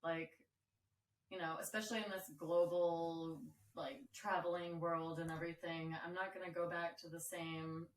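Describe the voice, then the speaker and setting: A woman's voice: on the low side, normal speed, distant mic. Enthusiastic woman host, off-mic and echoey. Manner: enthusiastic, affirming, excitable laughs. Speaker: podcast host. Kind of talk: conversational interview.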